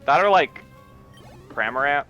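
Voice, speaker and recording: A man's voice: a little high, animated, unhurried, pushed and bright, muffled recording, soft background music. A man making dry, wry remarks while commentating on a video game. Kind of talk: casual let's-play banter.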